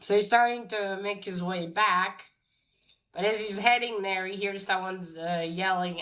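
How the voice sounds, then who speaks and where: A woman giving a casual, halting recap of a comic book story, with many fillers and quick restarts as she acts out the characters' lines. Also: mid-range voice, fairly bright tone.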